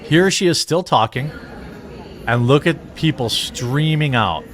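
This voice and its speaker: A middle-aged man rants through political commentary, indignant and sarcastic. His pitch swings widely as he hammers his points home. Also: lively intonation, measured pace, fairly bright tone. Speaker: commentary channel host.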